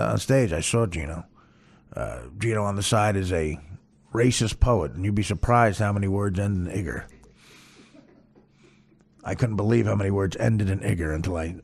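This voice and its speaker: A man hosting a podcast, talking in a casual, rambling monologue full of crude, profane jokes and deadpan asides. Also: mid-range voice, gravelly. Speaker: podcast host.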